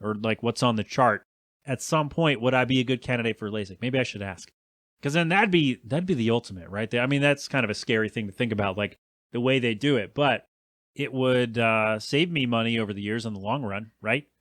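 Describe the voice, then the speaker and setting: A man in his thirties talks through a solo podcast, loose and chatty, teasing himself as he goes. His voice sits at an ordinary middle pitch. It is recorded close and dry, with no room sound. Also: brisk, fairly bright tone, dry recording. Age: 30s. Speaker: podcast host. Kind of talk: solo rambling podcast chat.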